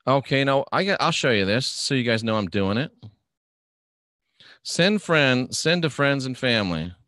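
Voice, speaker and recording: A man's voice: medium pitch, expressive, moderate pace, a bit bright, no echo. Offhand, rambling middle-aged man, dry sound. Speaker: livestream host reading viewer comments. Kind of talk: casual live-stream chat.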